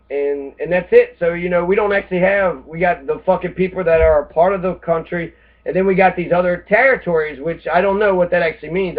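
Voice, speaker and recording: Profane rambling American man, tinny sound. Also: a little high. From United States. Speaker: host. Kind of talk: casual rant monologue. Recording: tinny phone-like lo-fi audio.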